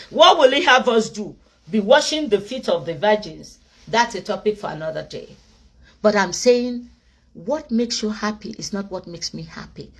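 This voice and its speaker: A woman with a Nigerian accent giving an emphatic, preachy motivational monologue to her followers, slipping into Yoruba and Pidgin. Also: on the high side. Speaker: vlogger.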